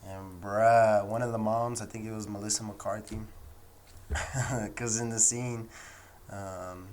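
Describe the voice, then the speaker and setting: A man's voice: lowish voice, steady tone, slow pace, darkish tone, slight background noise. A young man with an American accent hosting a casual solo podcast, telling stories in a loose, rambling way. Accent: American English. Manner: loose and rambling, acts out quoted people in raised voices. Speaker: podcast host.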